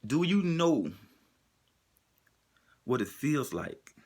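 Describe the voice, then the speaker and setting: A man's voice: a little high, very animated, drawn-out words, darkish tone. A man delivering an emotional spoken monologue, driving it forward with the same pointed rhetorical question again and again.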